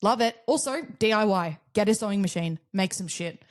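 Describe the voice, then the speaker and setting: A woman's voice: medium pitch, expressive, fairly quick. Blunt, sweary Australian woman. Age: 20s. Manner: blunt, sweary, laughs often. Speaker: podcast co-host. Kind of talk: casual chat.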